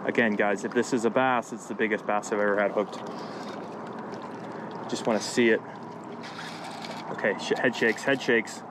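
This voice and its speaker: A young man vlogging outdoors at a lake, giving excited live commentary to his viewers and repeating himself as he fights a fish. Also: lowish voice, moderate pace, pauses often, background noise. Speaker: fishing vlogger.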